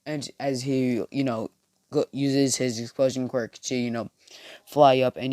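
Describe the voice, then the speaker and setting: A man's voice: medium pitch, steady tone, normal speed, darkish tone, dry recording, clean studio sound. A young man narrating an improvised fan story in a casual, rambling way, full of fillers and restarts.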